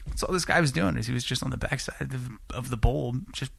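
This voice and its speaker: A man's voice: medium pitch, fast, creaky, slightly rough. A man in his late twenties telling a long, rambling, profane story in a casual podcast chat. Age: late 20s. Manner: rambling, profane, animated when acting out quotes. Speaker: podcast guest.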